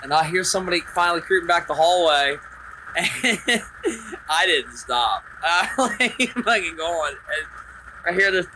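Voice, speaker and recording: A man hosting a casual podcast chat, telling stories animatedly, acting out loud quotes and swearing freely. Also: a little high, expressive, unhurried, a little hiss or hum, rough recording.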